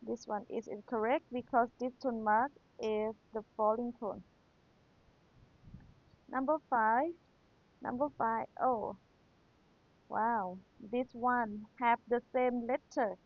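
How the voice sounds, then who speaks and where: Teaching an exam review, a young Thai-native woman with a fairly high voice goes over key points again and again, patiently. She poses rhetorical questions to check understanding, and the recording sounds dry and tinny, like a phone.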